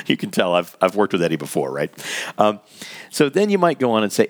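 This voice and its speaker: A workplace communication trainer gives an instructional talk on conversations at work, his lowish voice swinging hugely in pitch at a slightly fast pace. He keeps it conversational, acts out scenarios to explain, and laughs lightly.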